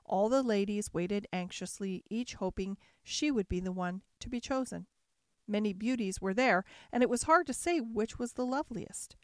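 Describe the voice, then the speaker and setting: A woman reading a classic fairy tale aloud in a measured, expressive storybook style. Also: mid-range voice, dry recording, studio quality.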